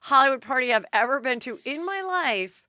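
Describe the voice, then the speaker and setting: A woman's voice: high voice, expressive, brisk, bright, forceful tone, dry recording. A middle-aged woman hosting a podcast, chatting and telling stories with easy laughs. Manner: chatty, storytelling, laughs easily. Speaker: podcast host. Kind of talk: casual chat.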